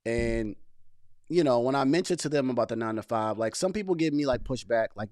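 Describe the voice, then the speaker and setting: A man's voice: medium pitch, expressive, a little fast, a little mellow, no room sound, studio quality. Passionate man giving slangy career advice. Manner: passionate, preachy, addresses viewers directly with slang. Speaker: host reacting to a podcast clip. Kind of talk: casual commentary monologue.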